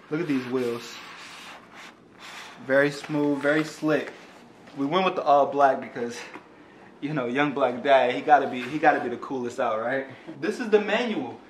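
A man's voice: medium pitch, slight background noise. A young man, a father, unboxing a product for his vlog, hyped and playful, talking straight to his viewers. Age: young adult. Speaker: father and vlogger reviewing a product. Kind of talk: excited unboxing vlog talk. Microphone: phone camera. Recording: roomy sound, mic at a distance, faint ambience.

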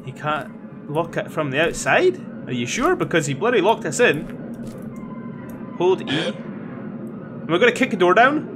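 A man's voice: on the high side, very animated, unhurried, pauses often, over music. A man playing a horror game and commenting casually, swearing and reading game text aloud. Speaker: gaming video host. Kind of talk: let's-play commentary. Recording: home recording with clear background noise.

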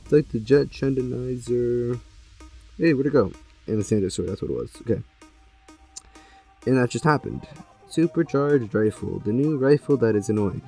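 A young man giving gameplay commentary, excitable, jumping from loud outbursts to low mumbling. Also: normal speed, vocal fry, long pauses, breathy edge, faint music behind. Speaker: gaming YouTuber.

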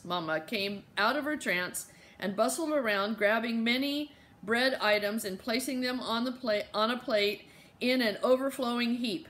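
Casting: woman narrator, higher-pitched, children's audiobook storytelling. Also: moderate pace, fairly bright tone. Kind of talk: scripted narration.

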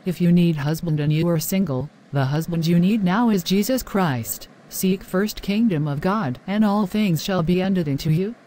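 A woman's voice: lowish voice, normal speed, few pauses, mellow, a little hiss or hum. Earnest woman narrator exhorting viewers. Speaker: Christian channel narrator. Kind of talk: moral lesson and appeal to viewers.

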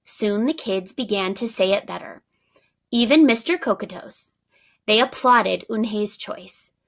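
Teacher read-aloud, woman, unhurried storybook pace, slight gravel. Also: medium pitch. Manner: pauses to ask prediction questions, warm asides.

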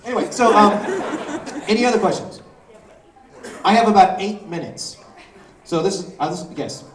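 Animated man telling stories in an echoey hall. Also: sits high, normal speed, slight background noise. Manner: animated, jokey, slips into character voices. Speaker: voice actor guest at a convention panel. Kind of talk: convention panel Q&A storytelling. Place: large convention panel room. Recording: echoey hall from far off with crowd. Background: audience laughing and murmuring.

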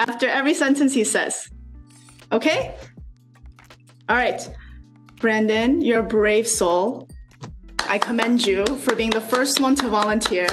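A woman leading a group over a video call, coaxing and asking lots of questions. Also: fairly high pitch. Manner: slow, coaxing, asks many questions. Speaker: speaker leading a student workshop.

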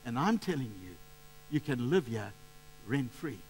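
A man playing a kindly building owner who speaks with slow, firm reassurance. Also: high voice, animated, slight background noise, rough recording.

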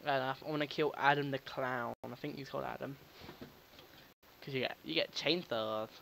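A man's voice: medium pitch, fairly even intonation, moderate pace, gravelly, pushed and bright, a little hiss or hum, low-quality recording. A man giving casual, jokey commentary while playing a video game at home, talking back to the characters and swearing now and then. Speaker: gaming video host. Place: home recording setup.

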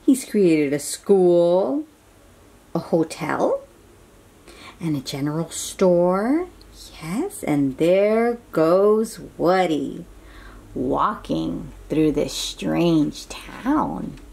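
A woman reading a children's picture book aloud, animated and asking her young listeners questions. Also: fairly low pitch, extremely slow, creaky, husky.

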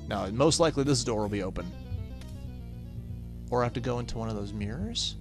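A man casually reacting out loud and reading game text as he plays a horror puzzle game. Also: medium pitch, animated, brisk. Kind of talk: let's play commentary. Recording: game music playing clearly.

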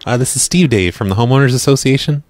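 A man hosting a live radio show and making prank phone calls, speaking deadpan and often stumbling over his words. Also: medium pitch, quick pace, no echo. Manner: deadpan, stammers and repeats words. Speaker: prank-call radio host.

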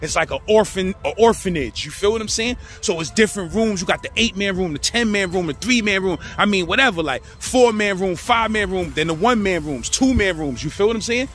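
A man with a New York accent telling prison stories in a casual, animated, slangy way. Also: high voice, brisk, hardly any pauses, soft background music. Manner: animated, slangy, acts out the people in his story. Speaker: storyteller host.

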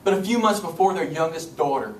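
A male pastor from Kentucky preaching a sermon, dramatic, dropping to soft low tones and rising again. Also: animated, fairly quick. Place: church sanctuary. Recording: echoey church room, distant mic, faint noise.

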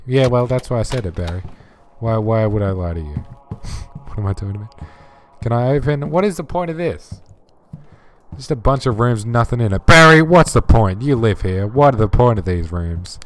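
A man's voice: fairly low pitch, animated, moderate pace. A man hosting a horror game playthrough, joking and swearing as he talks to objects in the game. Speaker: let's play host.

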